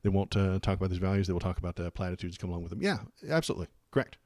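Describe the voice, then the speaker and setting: A man hosting a live political stream rambles through his reactions in a low voice, with sarcastic asides and muttered curses. The sound is close and dry, with no room echo at all. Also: very fast, a little mellow. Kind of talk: casual political commentary and reaction.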